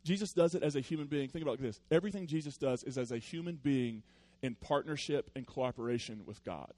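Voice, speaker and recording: Male pastor, mid-pitched, chatty sermon delivery, jumps from loud bursts to hushed earnest points. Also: quick pace, no echo. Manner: conversational, storytelling, with playful asides; swings from loud animated bursts to quiet earnest tones.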